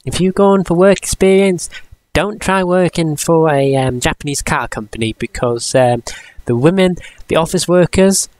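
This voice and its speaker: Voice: moderate pace, darkish tone, a little hiss or hum. A vlogger, telling stories in rambling casual chat that keeps interrupting itself. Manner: rambling, self-interrupting, often drops into high squealing impressions. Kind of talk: casual storytelling vlog chat.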